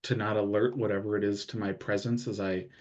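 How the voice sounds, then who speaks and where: A man's voice: lowish voice, flat delivery, brisk. A man playing a tabletop game, talking casually with lots of fillers. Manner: casual, filler-heavy talk. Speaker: player. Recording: dull lo-fi sound.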